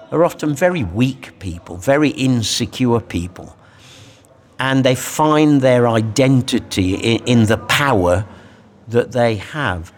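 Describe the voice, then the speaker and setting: A man in a conversational discussion of a Bible passage, speaking in a reflective, animated way. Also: medium pitch. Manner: reflective, animated, acts out quoted lines.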